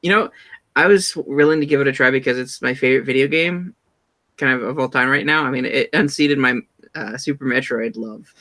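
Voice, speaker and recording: Podcast co-host, male, casual and halting, bright tense timbre, headset mic. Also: mid-range voice. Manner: hesitant, lots of ums. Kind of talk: casual chat. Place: home computer setup.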